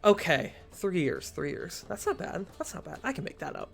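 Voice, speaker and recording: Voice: sits high, very animated, moderate pace, a bit bright, faint music behind, voice pushed up. A game master doing a fussy old gnome inventor. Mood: muttering. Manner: chatty, fussing, welcoming. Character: excitable older male gnome inventor.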